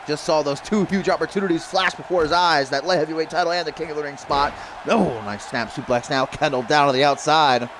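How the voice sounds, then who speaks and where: Over background noise, a man gives excitable play-by-play on a wrestling video game stream, laughing at the action and reading out viewer tweets. He talks fast in a slightly high voice.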